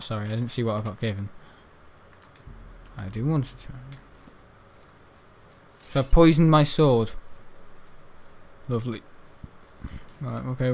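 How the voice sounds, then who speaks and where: A man casually commenting on his gameplay, going from muttered asides to sudden excited shouts and laughs. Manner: excitable, bursts into high shouts and laughs at the game.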